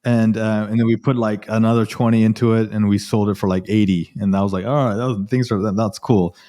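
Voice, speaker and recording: A man's voice: on the low side, brisk. A man in his forties, a cardiologist guest, telling his story in a casual interview, quoting himself often and restarting sentences. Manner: animated, quotes himself often, frequent restarts. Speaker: cardiologist and real estate investor guest.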